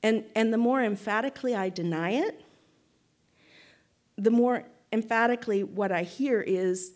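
A woman giving a reflective spoken teaching to a group, measured and thoughtful, often checking in with "right?" and restarting phrases. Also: on the high side, a little mellow. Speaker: guest speaker.

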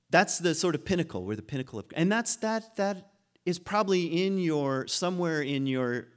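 A man giving an informal philosophy lecture to a class, musing aloud, laughing at his own points and often restarting his sentences. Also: mid-range voice.

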